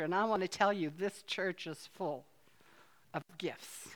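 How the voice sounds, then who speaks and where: A middle-aged woman pastor preaching a sermon in a church, earnest and conversational with playful asides and slowed-down emphasis. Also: lowish voice. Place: church sanctuary, filmed. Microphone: filmed on camera.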